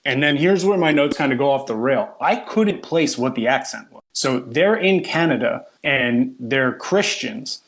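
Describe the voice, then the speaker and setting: A man's voice: medium pitch, a little slow, hardly any pauses. Man retelling a bad movie, amused. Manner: animated storytelling, laughing at the film. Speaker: podcast co-host reviewing films. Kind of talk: casual chat.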